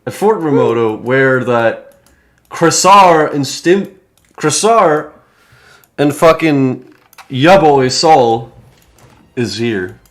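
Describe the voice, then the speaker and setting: A man's voice: medium pitch, expressive, slow, long pauses. Profane, casual male game master. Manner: loose and profane, with restarts. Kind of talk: casual tabletop game narration.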